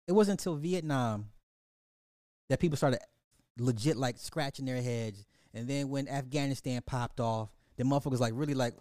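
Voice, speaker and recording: A man's voice: fairly high pitch, moderate pace, pauses often, no room sound, studio quality. Profane, fired-up man ranting on a podcast. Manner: profane, animated, repeats and restarts a lot; talks straight to the audience, laughs at his own points. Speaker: podcast host. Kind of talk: live-stream social commentary rant.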